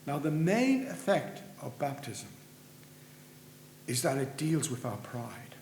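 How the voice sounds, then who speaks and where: A man preaching a sermon in a church, earnest, rising for emphasis and dropping low at the ends of phrases. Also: big pitch swings, takes it slowly, a little mellow. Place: church sanctuary. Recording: roomy church with faint hum.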